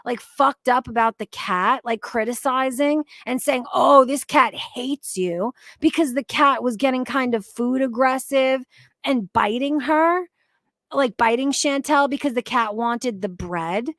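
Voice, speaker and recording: A woman's voice: high-pitched, measured pace, fairly bright tone, no room sound, clean studio sound. A woman hosting a casual livestream, talking in an emphatic, profane, rambling way about online drama. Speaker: livestream commentary host.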